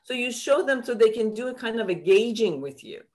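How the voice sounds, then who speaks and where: A woman psychotherapist explaining her methods in an interview, animated, acting out quoted dialogue as she goes. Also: on the high side, brisk. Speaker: psychotherapist guest. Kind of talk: explaining in conversation.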